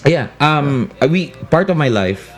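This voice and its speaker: A man's voice: a little high, big pitch swings, slow, soft background music. A Filipino man in his forties, a radio DJ, speaking English with a Californian-tinged American accent and slipping into Tagalog and Bisaya while laughing often. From Philippines. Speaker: radio DJ and voice-over talent. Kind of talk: interview chat.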